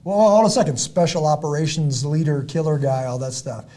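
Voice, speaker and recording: A middle-aged man, a former Navy SEAL hosting a podcast, talking in an emphatic, preachy and motivational way that rises to loud peaks and drops low, often clearing his throat. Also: fairly quick.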